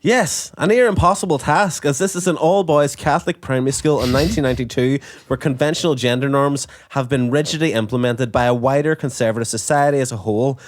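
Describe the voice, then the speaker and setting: A performer reading the part of a deadpan schoolteacher in her thirties, making crude quips in a comedy script read-through. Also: medium pitch, fast talker, few pauses, slight background noise, voice pushed down, natural voice.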